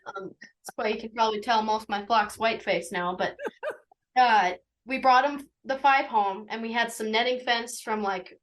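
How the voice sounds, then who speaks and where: A teenage girl with a fairly high voice tells a story in a loose, rambling way. She fills her talk with "like" and "anywho," sounding like casual chat in an interview. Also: normal speed, rough recording. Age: teens. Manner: rambling, many fillers like "like" and "anywho". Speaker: young shepherd guest.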